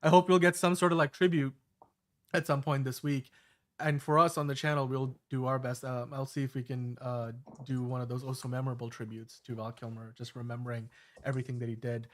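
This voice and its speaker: A man's voice: medium pitch, level tone, brisk, a bit bright. A man in his thirties hosting a casual podcast chat, talking in a rambling way with many fillers and restarts. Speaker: show host.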